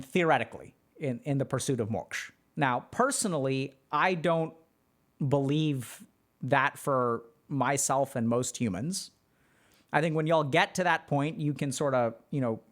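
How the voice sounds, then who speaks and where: A man on a livestream, answering chat questions in a loose, chatty way full of fillers. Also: medium pitch. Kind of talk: casual livestream talk.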